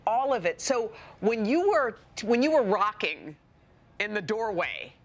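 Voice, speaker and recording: A woman's voice: mid-range voice, very animated, measured pace. A woman co-hosting a morning TV show, asking playful, teasing questions. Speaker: co-host.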